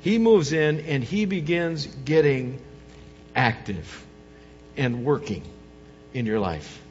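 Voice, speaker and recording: A male pastor preaching a sermon, moving from soft coaxing lines to loud, emphatic ones. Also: medium pitch, animated, takes it slowly, slight background noise. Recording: dull sound with long hall reverb.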